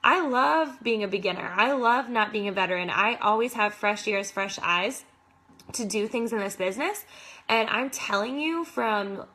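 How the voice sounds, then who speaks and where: A woman's voice: mid-range voice, pushed and bright. A young adult woman, a fitness coach, giving enthusiastic, casual motivational advice to other coaches with lots of "like".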